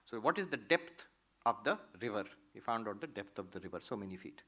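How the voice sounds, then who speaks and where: A man, a monk giving a spiritual talk, telling stories in a lively, playful way. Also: lowish voice, brisk, muffled recording. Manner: animated, playful storyteller. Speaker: monk teaching Vedanta.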